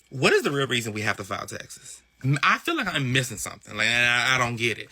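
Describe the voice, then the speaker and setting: A man's voice: medium pitch, pushed and bright. A man in a ranting social media clip, exasperated and profane, stammering and repeating himself.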